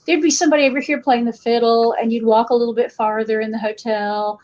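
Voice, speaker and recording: A middle-aged woman from western North Carolina with an Appalachian Southern accent, telling stories as a guest in a casual interview. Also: on the high side. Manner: lively storytelling, shifts accent to match listeners. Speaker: guest folklorist. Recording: muffled lo-fi audio.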